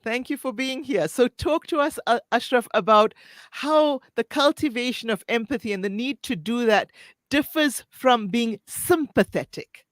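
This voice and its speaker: A woman hosts a morning talk show in a brisk, friendly way. Her voice sits in the middle range and sounds dry and close to the mic. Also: on the high side, dry recording. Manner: warm backchannels, brisk introductions. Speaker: host. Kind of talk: radio talk show hosting.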